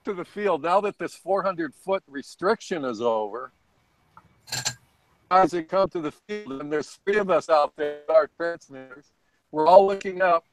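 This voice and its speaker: A man's voice: a little high, rough recording. A man on a video call, chatting casually and rambling through anecdotes with chuckles. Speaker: guest on a hobby video hangout. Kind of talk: casual storytelling chat.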